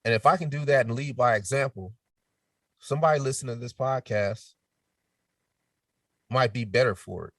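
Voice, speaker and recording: A middle-aged man speaking as a podcast guest in casual chat, telling lively stories and switching into quoted voices, sometimes dropping to a near whisper. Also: mid-range voice, normal speed, pauses often, dry recording, studio quality, recorded from a distance. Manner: animated storytelling with quoted voices, drops to a near whisper to demonstrate.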